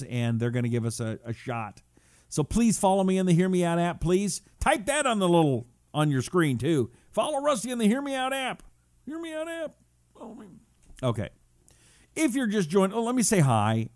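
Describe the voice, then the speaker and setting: A man's voice: medium pitch, a little mellow, smooth, no echo, studio quality. A man hosting his own live talk show in a casual, playful, joking way, greeting his listeners. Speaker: radio and podcast host.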